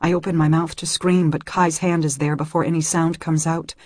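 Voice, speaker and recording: A woman's voice: sits low, little pitch movement, fairly quick, a little mellow, no room sound, clean studio sound. A woman reading a first-person novel aloud in an earnest way that rises when the story grows tense. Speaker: audiobook reader.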